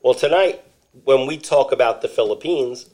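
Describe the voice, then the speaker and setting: A man co-hosting a podcast, joking and throwing in quick questions in casual chat. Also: mid-range voice, a little mellow. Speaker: podcast co-host.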